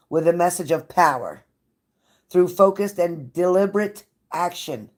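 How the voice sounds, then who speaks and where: A woman's voice: on the low side, animated, unhurried, a little mellow. A woman giving a live tarot reading to viewers, blunt and profane, with a pep-talk delivery that repeats phrases for emphasis. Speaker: tarot reader.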